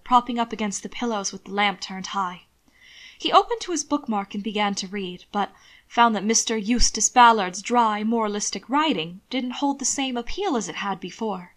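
A woman reading a fan fiction story aloud as narrator, in a calm, measured way. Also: mid-range voice. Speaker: audiobook reader.

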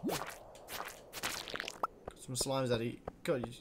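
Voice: mid-range voice, fairly even intonation, takes it slowly, heavy background noise. A let's play host giving chatty, exclaiming commentary while playing, talking back to the game's characters. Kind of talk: casual gameplay commentary.

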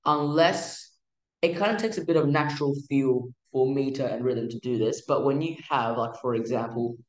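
A man teaching music theory in a casual, halting way, with many fillers and restarts. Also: medium pitch, echoey room, rough recording. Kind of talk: casual explanatory lesson.

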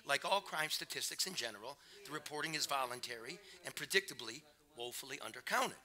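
A middle-aged male author reading from his book on stage with a brash, profane, rapid-fire storytelling manner. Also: mid-range voice, animated, bright, forceful tone. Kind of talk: live reading and talk. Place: festival stage before an audience.

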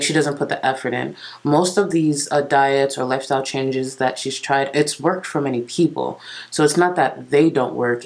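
A reaction host giving casual, blunt and critical commentary over a clip. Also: mid-range voice.

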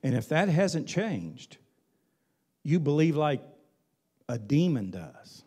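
Male pastor, sermon, slightly high voice, very animated pitch, folksy and emphatic. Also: slow pace, slightly rough. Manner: folksy, emphatic preaching with colloquial asides.

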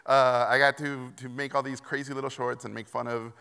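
A middle-aged man from Mexico delivers a keynote in a large hall, his bright, crisp voice carrying a long reverb. He tells stories in an animated, self-deprecating way and acts out the voices of the people in them. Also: medium pitch, brisk. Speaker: keynote speaker. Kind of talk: conference keynote storytelling. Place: conference hall.

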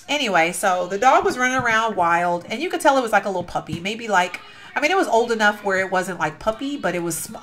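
A woman's voice: medium pitch, lively intonation, fairly quick, a bit bright. Gushing, rambling young woman gamer. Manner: gushing, rambling, easily sidetracked. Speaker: game channel host. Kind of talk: casual gameplay commentary and storytelling.

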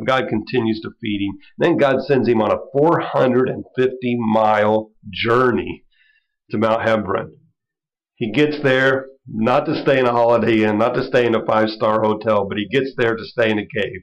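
A man's voice: medium pitch, moderate pace. A man, a minister, teaching an informal Bible study in a conversational way, with frequent asides and chuckles. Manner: conversational, chuckling, lots of "you know". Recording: dull lo-fi recording.

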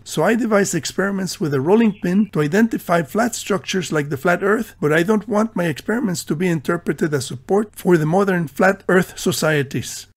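A man with a notably high voice narrates a scripted voice-over. His delivery is dry and deadpan and keeps a tongue-in-cheek tone. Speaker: video narrator.

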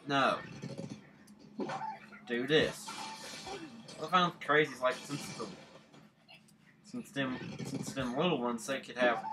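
Let's play commentator, unhurried drawl, excitable shouts, repeats words, clear game music behind. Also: mid-range voice. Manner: repeats words, rambling asides. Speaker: gameplay commentator.

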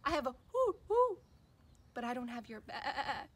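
A woman voicing a calm brown owl in a children's storybook reading, with a hooting delivery. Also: high voice, measured pace, slight background noise, exaggerated voice.

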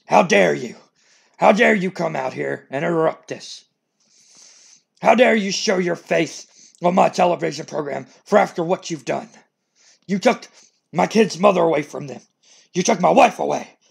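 A man voicing an outraged wrestling company boss, yelling in a raised, higher voice. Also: measured pace, gravelly, long pauses, husky, exaggerated voice. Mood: furious. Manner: shouting, outraged, higher-pitched delivery. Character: furious grieving male wrestling company boss.

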